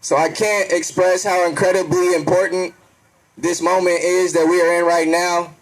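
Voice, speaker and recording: A man's voice: sits high, little pitch movement, normal speed, rough recording. A man at an outdoor protest rally, leading the crowd in call-and-response chants with a commanding, rousing delivery. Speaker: rally speaker. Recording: loud crowd and street noise at rally.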